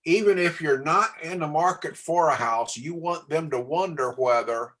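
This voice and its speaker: A man's voice: on the high side, normal speed, a bit bright. Man coaching a class. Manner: coaching, asks the class questions. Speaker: real estate trainer. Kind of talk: training class talk.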